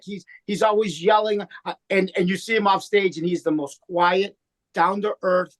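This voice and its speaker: A man's voice: high voice, normal speed, fairly bright tone. A man, a comedian, chatting in an interview in a rambling way with many restarts. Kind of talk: casual interview chat.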